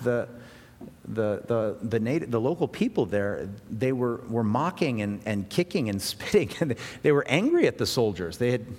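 A man's voice: medium pitch, darkish tone. A man preaching a sermon as pastor, earnest and emphatic, often restarting his phrases. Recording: hall with long reverb.

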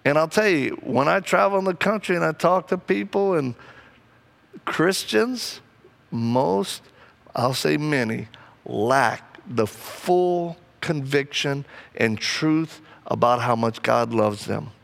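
Gravelly, animated male preacher. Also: on the high side, slow. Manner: animated, acts out quoted people, laughs often. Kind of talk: sermon with personal storytelling.

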